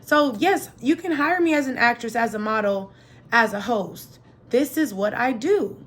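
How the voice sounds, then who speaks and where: Young woman podcast host, chatty and animated, kinda high voice, motivational pep talk. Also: measured pace. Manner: lively, chatty, animated, acts out quoted voices.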